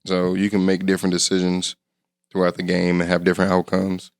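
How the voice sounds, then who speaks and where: A man co-hosting a podcast in casual chat, hoarse from losing his voice and telling stories loosely with plenty of swearing. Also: sits low, monotone, brisk, no echo, clean studio sound. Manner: loose, profane storytelling. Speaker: podcast co-host.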